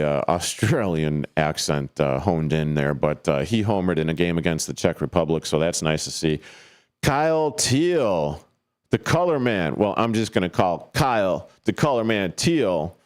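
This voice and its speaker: A deep-voiced man hosting a sports radio show solo from a studio, his voice smooth and resonant. He talks in a slow, unhurried way, rambling and joking through plenty of fillers and jumping up into high, yelped player names now and then. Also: a little mellow. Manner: rambling and jokey, full of fillers, with sudden high yelped name calls.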